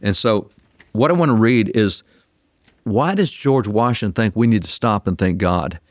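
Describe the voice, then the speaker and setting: A man as a guest historian in an interview, telling stories in an animated way and often repeating words as he starts sentences. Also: on the low side, moderate pace, no echo, studio quality. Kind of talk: interview storytelling.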